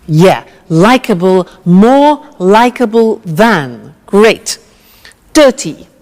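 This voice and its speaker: A woman teaching English grammar with a slow, clear drill, patient and encouraging. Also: mid-range voice, sing-song, darkish tone, long reverb tail.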